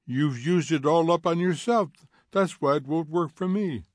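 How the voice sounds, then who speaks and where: A man's voice: fairly high pitch, moderate pace, darkish tone, no echo, studio quality, voice pushed up, lightly acted. A man reading the part of a reserved grown fireman who answers in short, guarded replies.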